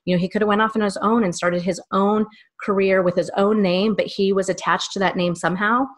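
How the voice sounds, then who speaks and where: A woman's voice: medium pitch, fairly even intonation, fairly quick. A woman in her thirties, a guest in a casual interview, telling long, rambling personal stories. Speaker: small business owner and guest.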